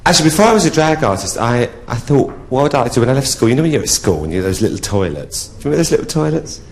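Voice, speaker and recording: A man's voice: mid-range voice, very animated, rapid-fire, vocal fry. A man working as a drag artist, doing stand-up comedy patter on a theatre stage with a dry, self-mocking delivery. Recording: loud live theatre audience.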